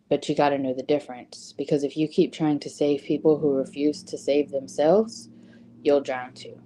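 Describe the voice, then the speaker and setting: A woman's voice: a bass voice, dark tone. A woman giving a casual motivational talk, conversational, with frequent ums and rhetorical "right?" questions. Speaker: host.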